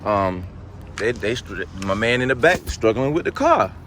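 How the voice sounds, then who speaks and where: Talking casually to his viewers, a man vlogs first from a car service shop and then from inside a car. He drawls, tacks "man" onto almost every phrase, and shifts from low mutters to excited high exclaims, speaking at normal speed over a slight hiss or hum.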